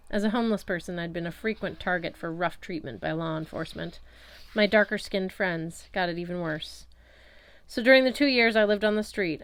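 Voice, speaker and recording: A woman with a lowish, steady voice reads a first-person story aloud. Her delivery is wry and conversational. The recording is close and dry with no room sound. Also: clean tone, no room sound. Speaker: audiobook reader. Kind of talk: first-person audiobook narration.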